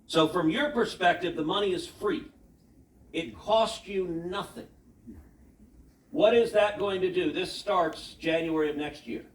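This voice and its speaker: Man speaking at a podium, emphatic keynote, slightly high voice, echoey hall, distant mic, faint noise. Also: a bit bright. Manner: emphatic, rhetorical questions, anecdotes. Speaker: senator giving a keynote speech. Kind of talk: public speech.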